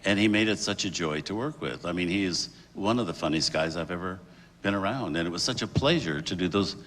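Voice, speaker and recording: Man paying earnest tribute, lowish pitch, bright edge, hall reverb with a faint crowd. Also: animated, fairly quick. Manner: earnest, warm praise with small hesitations. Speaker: former TV host paying tribute. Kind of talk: heartfelt tribute speech.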